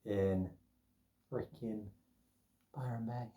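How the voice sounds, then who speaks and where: A young man rambles through a personal story, chatty and full of fillers. His voice is low and mellow. He sits well back from the mic in an echoey room. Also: fairly even intonation, unhurried, far from the mic, a little hiss or hum. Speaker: vlogger telling a personal story. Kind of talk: casual storytelling.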